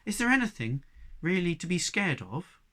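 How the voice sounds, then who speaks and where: A man's voice: high-pitched, very animated, normal speed, bright, forceful tone, pitched above the performer's own voice, heavily acted. A man reading a storybook voices an anxious young man out of his depth, who asks nervous, pleading questions. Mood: polite.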